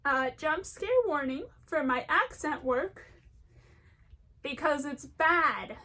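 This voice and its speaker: A woman with a high voice talks in a loose, rambling way, as if chatting to a friend. She pokes fun at herself and laughs easily between her thoughts. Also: slow, pushed and bright. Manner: chatty, self-deprecating, laughs often. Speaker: video essayist. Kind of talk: casual rambling commentary.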